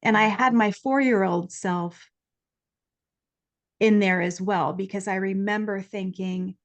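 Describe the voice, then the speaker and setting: This guest is a woman with a medium-pitched voice at normal speed. Earnest and lively in conversation, she recounts something personal and performs the voices she quotes.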